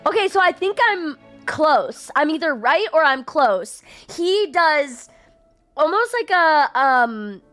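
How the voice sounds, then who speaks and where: Excitable young woman reacting to a game. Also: high-pitched, slow pace, faint music behind. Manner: excitable, gushing, full of fillers and swearing. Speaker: streamer.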